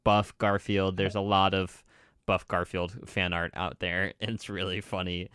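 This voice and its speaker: A man hosting a podcast, telling a story in a casual, animated way and laughing as he goes. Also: low-pitched, unhurried, smooth, dry recording, clean studio sound. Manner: animated, laughing, lots of 'like' fillers. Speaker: podcast host.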